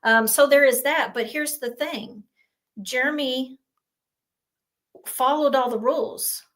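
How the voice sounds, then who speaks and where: A woman's voice: high voice, slow, a bit bright. A woman appearing as a guest on an interview podcast, speaking candidly and a bit hesitantly. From United States. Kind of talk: conversational interview.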